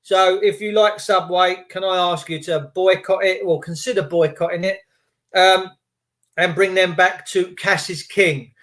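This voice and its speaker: A man ranting casually to his viewers, acting out little scenes in quick put-on voices, slangy and swearing. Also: high voice, fairly even intonation, a bit bright. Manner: slangy, swears, rhetorical questions. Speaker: video host.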